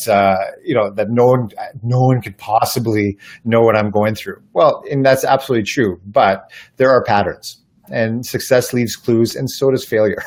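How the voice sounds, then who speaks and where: An earnest man sits for a relaxed podcast conversation, his voice sitting at an ordinary middle pitch. He reflects aloud and winds through a personal story, often backing up to restart a phrase before pushing on. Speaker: podcast guest. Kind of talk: casual conversational interview.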